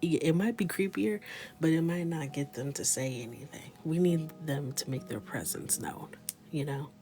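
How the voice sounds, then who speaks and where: A woman in her thirties chatting in a mostly whispered, joking way while coloring, with sudden loud shouts. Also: deep voice, normal speed, soft background music. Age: 30s. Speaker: coloring livestreamer. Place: small closet with a ring light.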